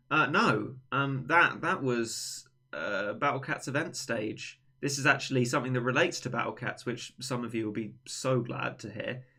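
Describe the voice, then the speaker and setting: A man's voice: mid-range voice, moderate pace, few pauses, bright, forceful tone. A young man hosting a livestream, chatting casually in a rambling, self-mocking way. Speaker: livestream host. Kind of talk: casual chat on a stream.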